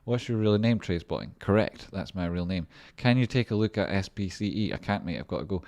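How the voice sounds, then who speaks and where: A man's voice: sits low, expressive, brisk, a little mellow. A man hosting a stock trading livestream, rambling, joking and swearing casually as he reads out viewer messages. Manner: rambling, joking and swearing while reading chat.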